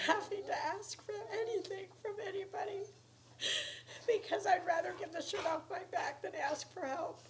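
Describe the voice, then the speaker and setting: Woman, emotional on-camera appeal, earnest and pleading, near tears; fry in the voice, faint noise behind. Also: very high voice, steady tone, normal speed, low-quality recording. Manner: earnest, pleading, drops to soft whispery words. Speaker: YouTuber asking for donations. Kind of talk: emotional personal appeal to viewers.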